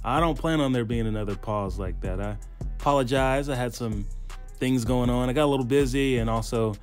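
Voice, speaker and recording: A man, chatting excitedly to viewers in a casual fishing vlog, recorded outdoors by a pond. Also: medium pitch, brisk, faint music behind. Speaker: fishing vlogger.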